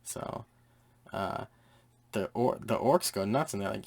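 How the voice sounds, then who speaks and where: Young male comic reviewer, low and gravelly, loose rambling delivery full of fillers, enthusiastic. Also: steady tone, normal speed, a little mellow.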